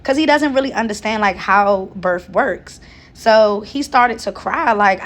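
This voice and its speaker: A woman's voice: medium pitch, a little slow. A pregnant woman in her thirties telling a personal story in a casual vlog, earnest and talkative, with many fillers and restarts. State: seven months pregnant. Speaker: vlogger.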